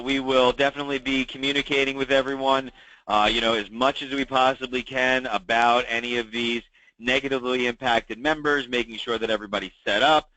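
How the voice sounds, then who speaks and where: Male meeting host, mid-pitch, tense bright tone, chatty briefing style that repeats key points. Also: no echo, poor audio. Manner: conversational, many fillers, repeats key advice. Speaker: meeting host for insurance agents. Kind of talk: weekly call briefing.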